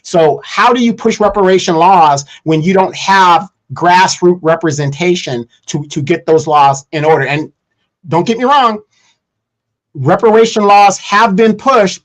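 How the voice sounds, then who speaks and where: A man's voice: high voice, moderate pace. A man hosts a political livestream. He lays out pointed, lecturing arguments and drops in sarcastic asides. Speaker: livestream host. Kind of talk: casual political commentary.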